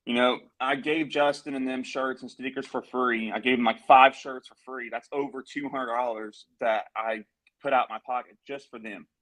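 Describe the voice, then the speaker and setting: A man's voice: mid-range voice, steady tone, moderate pace, a bit bright, rough recording. A man, a musician guest on a live stream, telling a long story in a heated, profane, rambling way.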